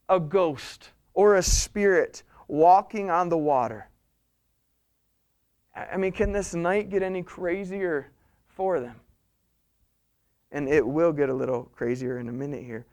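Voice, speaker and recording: Preacher, male, high and smooth-toned, animated storytelling from the pulpit. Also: a little slow, pauses often. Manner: animated storytelling preaching, swings between soft and loud. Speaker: pastor. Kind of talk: sermon.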